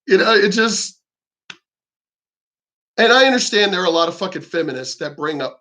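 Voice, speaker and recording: High-voiced man ranting angrily. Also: expressive, normal speed, sharp tone. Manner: profane, heated, stammering restarts. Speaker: vlogger. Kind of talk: angry ranting monologue.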